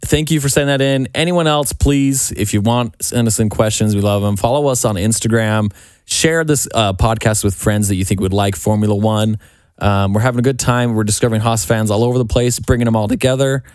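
A man co-hosting a casual podcast, relaxed and joking as he wraps up listener questions. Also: on the low side, fairly quick, clear, resonant tone, no room sound, clean studio sound. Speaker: podcast co-host. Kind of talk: casual chat.

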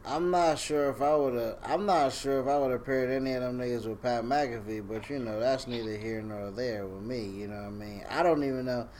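A man's voice: mid-range voice, a little hiss or hum. A man co-hosting a casual wrestling podcast, talking loosely and swearing freely. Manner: profane, loose and joking. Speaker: podcast co-host.

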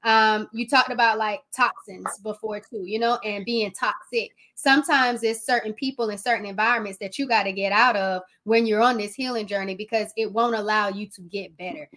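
A woman's voice: medium pitch, fairly even intonation, normal speed, few pauses, fairly bright tone. A woman hosting a podcast, reflecting emphatically and asking rhetorical questions. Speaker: podcast host. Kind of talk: casual podcast chat.

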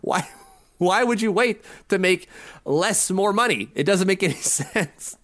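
A man co-hosting a casual sports podcast, chatty and quick to laugh. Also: sits high, expressive, fairly bright tone, no room sound, studio quality. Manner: chatty, laughs easily, quizzing his co-host. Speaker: podcast co-host.

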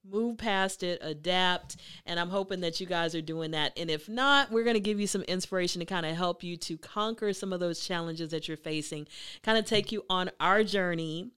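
A woman hosting a motivational talk, telling a story in a chatty, emphatic, animated way. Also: on the low side, moderate pace, smooth. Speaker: host.

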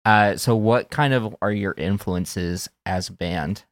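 A low-voiced man hosts the podcast and asks the band hesitant questions full of fillers. The sound is dry. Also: takes it slowly, no echo. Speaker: podcast host. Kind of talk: interview questions.

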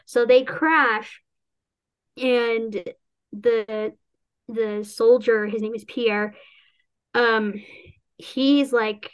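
A woman's voice: a little high, steady tone, extremely slow, clear, resonant tone. A woman author chatting casually about her novel, rambling with restarts, acting out quotes and laughing often. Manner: laughs often while talking. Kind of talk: casual chat.

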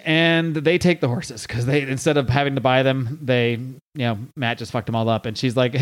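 A man hosting a podcast, retelling a comic story in a relaxed, chatty way. He swears freely and reads the characters' lines in loose put-on voices before sliding back into his own easy tone. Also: medium pitch, normal speed, hardly any pauses. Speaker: podcast host recapping a comic. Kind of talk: casual recap with read-out dialogue.

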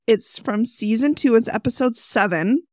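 A woman's voice: fairly high pitch, lively intonation, moderate pace, no echo, clean studio sound. A woman co-hosting a podcast, chatting casually with friends and joking about herself. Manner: joking, self-mocking, laughs often. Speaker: podcast co-host. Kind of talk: casual chat.

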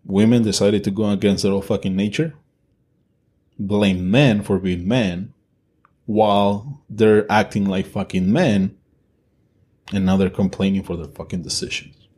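A low, husky-voiced man co-hosting a podcast in loose casual chat. He talks bluntly and swears freely, hammering his opinions home. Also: steady tone, unhurried, long pauses, darkish tone. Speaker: podcast co-host.

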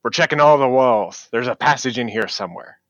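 A man doing a gruff dwarf foreman. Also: medium pitch, brisk, fairly bright tone, no echo, close to an everyday voice. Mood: gruff commanding. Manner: barking orders. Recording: dry, slightly dull recording.

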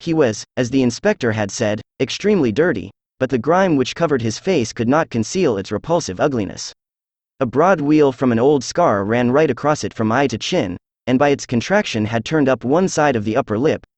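A synthesized male voice reading a classic detective story aloud, even and measured, with little change between characters. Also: mid-range voice, no echo. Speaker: audiobook narrator. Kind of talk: scripted narration.

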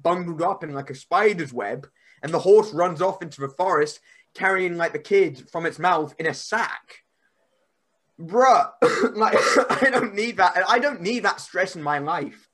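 A man, a podcast guest, telling stories in a rambling, animated way. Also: fairly high pitch, moderate pace. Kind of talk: casual podcast chat.

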